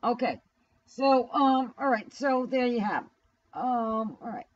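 A woman's voice: a little high, animated, measured pace, dull audio. A woman live streaming from home in New York, rambling casually to her viewers, blunt and profane as she talks back to the chat. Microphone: camera mic.

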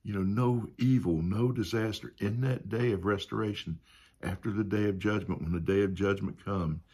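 A man's voice: fairly low pitch, steady tone, moderate pace, mellow, slightly rough. A man teaching a Sunday school Bible lesson in a conversational way, often adding "you know" and asking the class questions.

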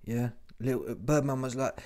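A man's voice: mid-range voice, steady tone, normal speed, a little mellow. Slangy man mocking in casual commentary. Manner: slangy, mocking, keeps tagging lines with "yeah?". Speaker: host of a commentary channel.

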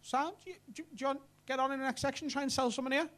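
A man's voice: very high voice, fairly even intonation, very fast. A man with a Liverpool accent doing stand-up crowd work on a comedy club stage, cheeky and sweary as he banters with the audience.

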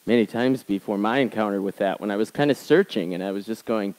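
A male pastor delivering a sermon, telling stories in a conversational way and swinging between emphatic raised passages and quiet, low asides. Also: quick pace, rough recording.

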